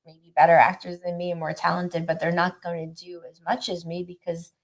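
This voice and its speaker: A woman's voice: lowish voice, monotone, brisk. A woman hosting a live podcast, chatting casually and joking with her guest. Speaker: host.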